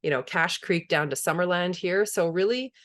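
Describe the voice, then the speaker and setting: A woman with a somewhat low voice leads a webinar over a video call. She talks in an easy, conversational way and laughs often. She stays enthusiastic as she moves through her slides. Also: normal speed, fairly bright tone. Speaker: permaculture presenter. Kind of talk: webinar presentation.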